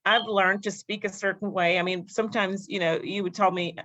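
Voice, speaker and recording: A woman who is a guest on a casual panel discussion, speaking in a measured, thoughtful way. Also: medium pitch, fairly even intonation, a bit bright.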